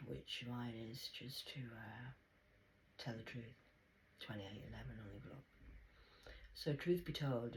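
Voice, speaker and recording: A woman giving a rambling spiritual monologue, swinging between loud exclamations and soft whispers. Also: rumbling low, slight background noise, poor audio. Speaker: spiritual vlogger.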